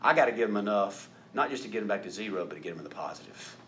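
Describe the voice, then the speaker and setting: A man preaching a sermon in an animated way, acting out quoted voices and rising to loud emphatic peaks. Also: on the low side, very fast, slight background noise. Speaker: pastor.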